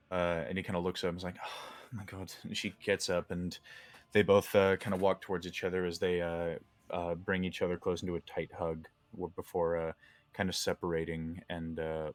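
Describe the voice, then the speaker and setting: A man narrating a tabletop game as game master, halting with many fillers. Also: low voice, flat delivery, no echo.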